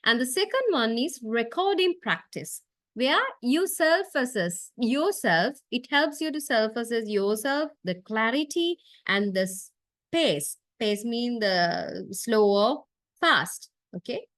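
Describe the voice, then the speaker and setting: A woman's voice: fairly high pitch, very animated, takes it slowly, fairly bright tone, no room sound. A woman lecturer giving a classroom lecture, explaining step by step and checking in with "okay?" and "right?". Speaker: university lecturer.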